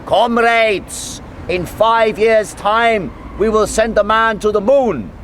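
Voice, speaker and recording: A man's voice: high-pitched, slow pace, fairly bright tone, a little hiss or hum. A man putting on a boastful male cosmonaut giving a rousing, mock-solemn speech to a crowd.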